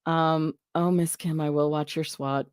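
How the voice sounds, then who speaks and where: A woman's voice: low voice, steady tone, measured pace, darkish tone, smooth, no room sound, studio quality. A woman hosting a live stream, chatting casually and answering viewer comments in a rambling way, often breaking off and laughing.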